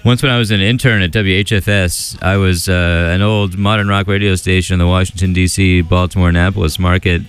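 Late-night male DJ, very low and smooth, easygoing, rambling between tracks. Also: fairly quick, few pauses, no echo, soft background music. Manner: relaxed, rambling, with many fillers. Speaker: radio DJ. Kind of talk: casual radio DJ patter.

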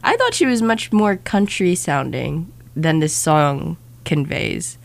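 Young female podcast co-host with vocal fry, slightly low voice, just over a cold, chatty and rambling. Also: sing-song, slow, dry recording. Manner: rambling, laughs often. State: recovering from illness. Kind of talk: casual chat.

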